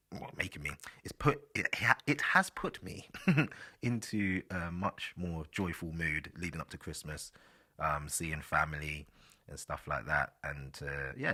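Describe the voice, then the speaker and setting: A man's voice: sits low, bright, forceful tone, breathy edge. A man hosting a solo podcast, chatting casually and rambling with fillers, speaking directly to his listeners. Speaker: podcast host.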